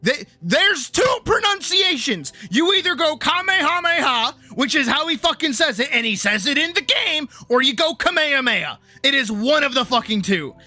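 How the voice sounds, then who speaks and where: Heated, profane streamer with a lively voice. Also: sits high, fairly quick, few pauses, dry recording. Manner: profane, heated ranting that swings between mutters and shouts. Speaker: streamer and animator. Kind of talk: casual livestream rant.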